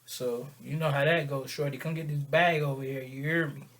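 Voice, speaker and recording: A young man casually telling a rambling, slang-filled story in an animated way. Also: medium pitch, moderate pace.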